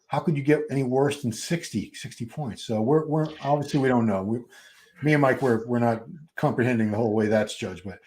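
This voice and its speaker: A man's voice: mid-range voice, brisk, darkish tone. A man in his fifties hosting a live watch party stream, chatting casually, restarting his sentences and talking to the chat. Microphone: streaming setup.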